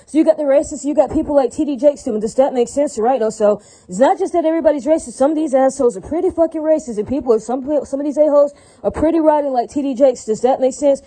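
Talking quickly in a high, warm voice, this woman delivers a solo, unscripted rant full of profanity and repetition. She keeps checking in with "right?" and "does that make sense?" The recording quality is rough.

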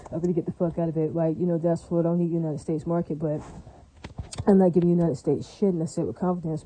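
A woman's voice: on the low side, mellow, dry recording, rough recording. A woman delivering a rambling, emphatic and profane monologue, repeating herself often.

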